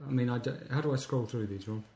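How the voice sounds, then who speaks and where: An English man co-hosting a podcast, chatting casually with dry, deadpan humour. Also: mid-range voice, fast talker. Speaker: podcast co-host. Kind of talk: casual chat. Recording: echoey room.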